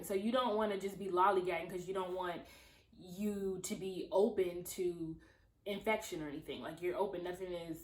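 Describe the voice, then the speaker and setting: A woman's voice: mid-range voice, a bit bright. Young woman, casual storytime vlog, chatty, talks to viewers like friends, mid-range voice, roomy echo. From Los Angeles, USA. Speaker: vlogger.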